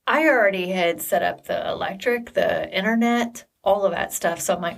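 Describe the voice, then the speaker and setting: A woman co-hosting a podcast, retelling a family story in casual chat, quick and lively with quoted dialogue. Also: medium pitch, vocal fry. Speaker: podcast co-host.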